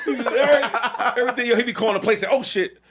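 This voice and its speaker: A man co-hosting a casual sports chat, joking around in an animated, slangy way. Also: very high-pitched, racing, heavy background noise.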